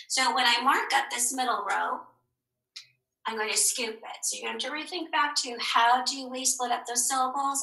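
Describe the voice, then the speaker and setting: A woman teacher giving a recorded phonics lesson to young children, slow and encouraging, asking questions and answering them herself. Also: on the high side, pushed and bright. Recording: echoey room.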